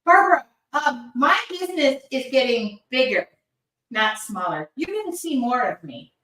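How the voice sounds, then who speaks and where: A woman's voice: sits high, big pitch swings, normal speed, sharp tone, recorded from a distance. A woman hosting a live art demo, chatting casually and reading viewer comments aloud as she paints. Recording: roomy sound, voice somewhat off-mic.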